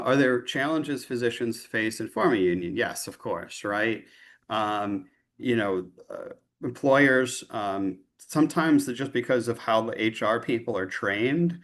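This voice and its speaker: A man's voice: fairly low pitch, a bit bright. A man who leads a physician union, giving a conversational lecture over a video call in a loose, chatty way and often checking in with a tag question.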